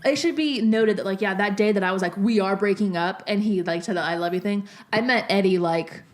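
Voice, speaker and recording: A young woman on a podcast, telling a story in a rambling way, full of "like" and quick laughs. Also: mid-range voice. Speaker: podcast co-host. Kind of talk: casual chat, storytelling.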